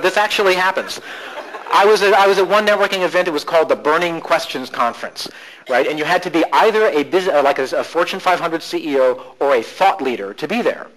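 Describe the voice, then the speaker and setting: A man presenting at a conference, telling animated, joking stories in a humorous live talk. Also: fairly high pitch, rough recording. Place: conference session room.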